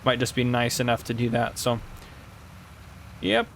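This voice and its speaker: A man hosting a farming game video, chatting casually and thinking out loud as he does sums and plans his next moves. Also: medium pitch, expressive, measured pace, vocal fry, a little hiss or hum. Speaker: gameplay video host. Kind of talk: casual gameplay commentary.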